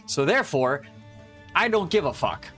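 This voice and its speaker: A young adult man chats casually while streaming, telling profane, ranting stories with animation. His voice is a little high and his pace normal, with faint music playing behind him.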